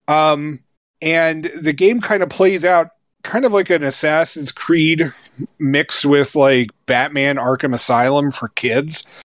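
A man's voice: fairly high pitch, fairly bright tone, no room sound. A man in his thirties reviewing a video game in casual chat, rambling with lots of fillers and restarts, and laughing easily. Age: 30s. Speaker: game reviewer, podcast co-host.

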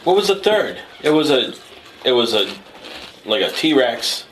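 Animated, rambling man on a podcast. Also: medium pitch, a little slow, a little hiss or hum, rough recording. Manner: rambling, playful. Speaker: podcast co-host. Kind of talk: casual podcast chat.

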